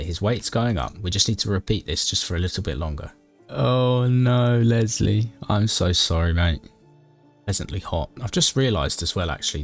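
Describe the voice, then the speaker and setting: Lowish male gaming narrator, deadpan and mock-dramatic, over soft music. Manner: dry, mock-dramatic, talks to his character. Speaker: gaming YouTuber narrating a playthrough. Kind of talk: comedic game commentary and narration.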